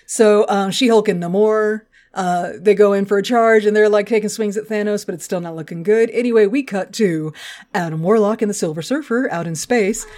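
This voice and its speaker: A woman's voice: mid-range voice, fairly quick, a little mellow. A woman co-hosting a podcast, recapping a comic book in a crude, sarcastic, playful way. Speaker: podcast co-host.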